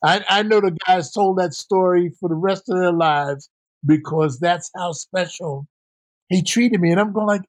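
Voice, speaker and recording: Older man telling lively stories, dry sound. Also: high voice, moderate pace, no echo. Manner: animated, acts out quoted voices. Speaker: guest, former basketball player and coach. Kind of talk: storytelling interview answer.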